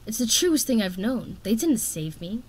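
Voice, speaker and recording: A woman's voice: on the high side, very animated, moderate pace, a little mellow, husky, poor audio. A woman voicing a defiant young female dragon who speaks in a demanding, insistent way.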